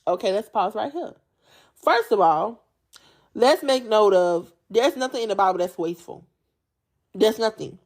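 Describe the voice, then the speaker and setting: Lively, animated woman preaching casually. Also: medium pitch, moderate pace, long pauses. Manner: animated, jokey and chatty, often laughing; uses slangy casual speech. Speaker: Bible study podcast host.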